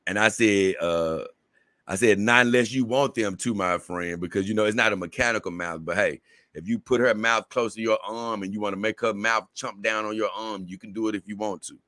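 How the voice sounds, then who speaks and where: A man's voice: fairly low pitch, steady tone, brisk, sharp tone, dry recording, clean studio sound. A man with a Southern US accent hosting a casual livestream, reading viewer comments in a rambling way, repeating words and laughing often. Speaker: livestream host.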